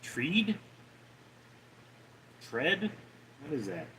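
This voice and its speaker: Man, livestream host, casual rambling chat, bright tone, lively pitch. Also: drawn-out words, slight background noise, poor audio. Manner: rambling, offhand, reading chat aloud.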